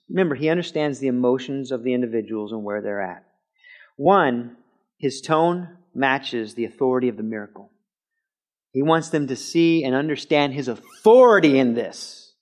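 A male pastor gives a sermon in a church sanctuary, speaking at a middle pitch. His delivery is easy and conversational as he explains things. Now and then he breaks into a loud, ringing shout. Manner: conversational teaching with sudden shouted quotes. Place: church sanctuary with a mic system.

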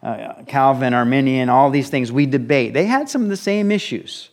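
A man's voice: medium pitch, lively intonation, moderate pace, hardly any pauses, a little mellow. A man preaching a conversational sermon, explaining scripture with rhetorical questions and acted-out quotes. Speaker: pastor. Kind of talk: expository sermon.

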